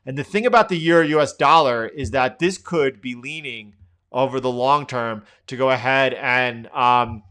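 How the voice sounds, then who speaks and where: A man's voice: mid-range voice, normal speed, a bit bright, smooth. A middle-aged man hosting a live trading stream, thinking aloud through chart commentary with lots of fillers and restarts.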